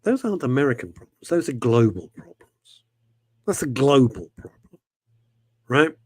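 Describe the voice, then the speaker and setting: A man hosts a talk radio show, his pitch swinging widely as he presses each point with emphatic, repeated words. The sound is close and dry, with no room echo. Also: sing-song, normal speed, husky. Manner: passionate, emphatic opinions with repetitions. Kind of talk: casual talk radio chat.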